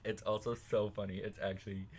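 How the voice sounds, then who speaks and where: A young man in a casual storytime vlog, talking in an animated, self-consciously dramatic way, laughing often and saying like a lot. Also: lowish voice, fairly quick. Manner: filler-heavy, says like a lot. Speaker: vlogger.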